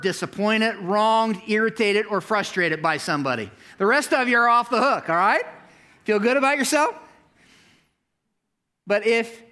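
Male pastor, middle-aged, sermon voice, bright and tense, a touch high, animated and conversational with the crowd. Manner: animated, rising to near-shouts when stressing a point; talks directly to the congregation, asks for hands and notes. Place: church sanctuary before a congregation.

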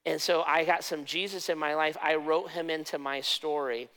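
A man's voice: on the high side, fairly even intonation, moderate pace, bright, forceful tone, smooth, poor audio. A man preaching a sermon as pastor, conversational and emphatic, often restarting his phrases.

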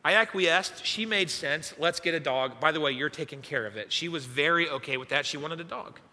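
A young man, a youth pastor, telling a funny personal story in a sermon with animated, self-mocking delivery. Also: a little high, brisk. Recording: echoey hall reverb.

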